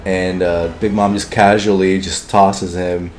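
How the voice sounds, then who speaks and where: A low-voiced man chats casually about a comic chapter. He sounds easygoing and laid-back, and faint music plays behind him. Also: level tone, measured pace. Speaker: podcast co-host reviewing manga. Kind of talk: casual chat.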